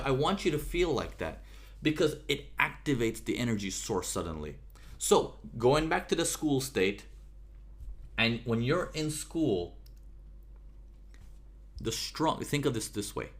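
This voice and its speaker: A man giving a motivational talk, energetic, with sudden jumps in volume and frequent "okay?" checks. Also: medium pitch, a little slow, pauses often. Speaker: motivational speaker.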